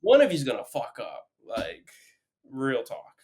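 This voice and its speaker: A man's voice: medium pitch, huge pitch swings, unhurried, darkish tone. A young man co-hosting a casual podcast over a call, laid-back and teasing, swearing freely. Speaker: podcast co-host. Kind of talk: casual chat. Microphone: remote call mic.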